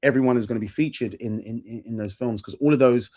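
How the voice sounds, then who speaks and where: A man's voice: medium pitch, fast, darkish tone. A man chatting casually on a film review panel, talkative and enthusiastic, often restarting his sentences. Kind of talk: casual chat.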